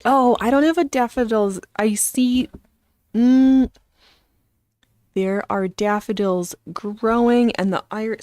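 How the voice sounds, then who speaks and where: Slow-talking chatty woman streamer. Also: fairly high pitch, dry recording, clean studio sound. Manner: rambling, chatty, reads and answers viewer chat; slow, drawn-out talk with soft whispered asides. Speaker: livestream host. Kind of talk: casual livestream chat while sewing.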